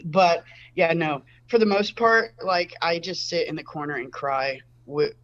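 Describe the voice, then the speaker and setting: A woman's voice: sits low, a little slow, distant mic, dull audio. A woman doing a stand-up comedy set from home over a video call, in a rambling, self-interrupting way. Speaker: stand-up comic. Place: home room.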